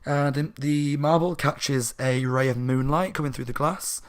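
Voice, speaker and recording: A man with a sore throat casually retelling a book plot as a reviewer, rambling and animated. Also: medium pitch, a little slow. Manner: rambling, animated, laughing asides.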